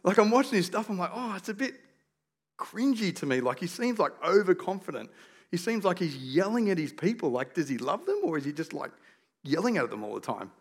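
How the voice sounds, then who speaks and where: Australian man preaching with lively humour. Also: sits high, a little fast, breathy edge. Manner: lively storytelling, self-deprecating humour. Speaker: pastor. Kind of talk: conversational sermon.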